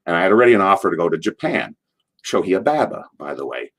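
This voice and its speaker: A middle-aged man with a slightly low voice tells stories in a relaxed interview. He rambles through restarts and asides, and he acts out old shouts in a loud, stretched voice. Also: husky. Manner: animated, acts out quotes in a loud, drawn-out voice. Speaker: former wrestler being interviewed. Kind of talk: casual anecdotal storytelling.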